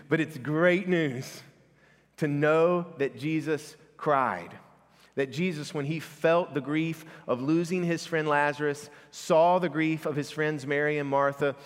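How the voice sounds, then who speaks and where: Male pastor, conversational sermon delivery, ordinary pitch, long hall reverb. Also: a bit bright. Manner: earnest, conversational preaching with pauses.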